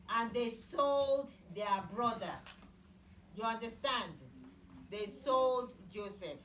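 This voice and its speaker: With a slightly high, fairly bright voice, a Bible teacher slowly narrates a story for children in easy words, asking them questions throughout. The recording is echoey and distant, with a little background noise.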